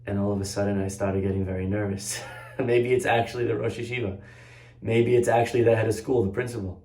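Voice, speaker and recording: A man giving a storytelling religious lesson as a rabbi, animated and acting out the voices in his tale. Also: lowish voice, fast talker. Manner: animated storyteller, acts out quotes. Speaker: rabbi teacher. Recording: echoey room.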